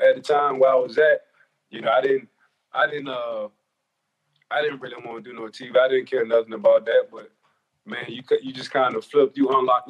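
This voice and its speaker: A man chats on a podcast in an even, level tone that barely rises or falls. He sounds loose and thankful, circling back to his point with frequent restarts. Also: medium pitch, muffled recording. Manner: relaxed, grateful, rambling with restarts. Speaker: former player, guest. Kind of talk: casual podcast chat.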